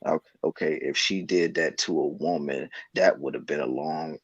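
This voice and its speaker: A man's voice: extremely low pitch, normal speed, creaky, breathy edge, dry recording, lo-fi sound. A man co-hosting a podcast, giving blunt, profane, mocking commentary in a casual chat. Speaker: podcast co-host.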